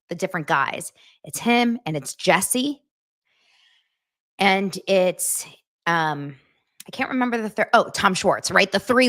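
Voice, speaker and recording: A middle-aged woman talks through celebrity gossip in a loose, chatty way. Her pitch swings widely as she goes. She now and then slips into exaggerated voices to act out what others said. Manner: chatty, animated, acts out quotes in exaggerated voices. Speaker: gossip show host. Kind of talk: casual chat.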